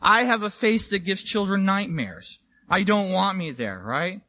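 A preacher quoting a gruff ex-football player. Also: male voice, sits high, expressive, measured pace, sharp tone, exaggerated voice. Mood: wry. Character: gruff former football player man, reformed.

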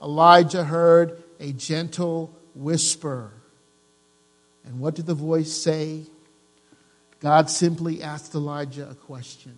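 A man preaching a sermon to his congregation, lively, asking them questions and joking. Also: on the high side, in a large hall. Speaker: pastor. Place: church.

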